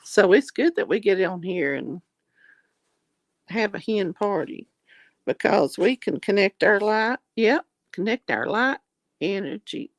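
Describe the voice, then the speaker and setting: Her intonation lively and her pace a little slow, a middle-aged woman from the Southern US hosts a livestream in a mid-range voice. She reads out viewer comments and calls people honey and darling in a warm, affectionate way, with no room sound.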